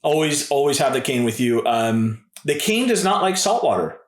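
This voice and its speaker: A man's voice: mid-range voice, very animated, normal speed, reverberant. A man in his thirties, a podcast guest telling stories in a casual, laid-back way and often calling people "dude" and "man". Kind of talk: casual storytelling.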